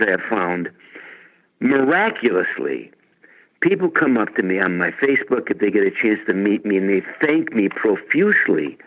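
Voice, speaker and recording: A man in his seventies from Chicago, a musician guest telling stories in a playful, animated way over the phone. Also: fairly low pitch. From Chicago, USA. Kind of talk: phone interview. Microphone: telephone. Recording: tinny phone line.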